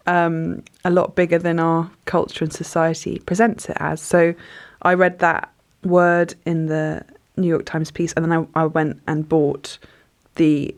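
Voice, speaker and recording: A woman's voice: low voice, little pitch movement, unhurried, few pauses. A woman, speaking as an author guest in a reflective, thoughtful way with frequent hesitations. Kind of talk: conversational interview.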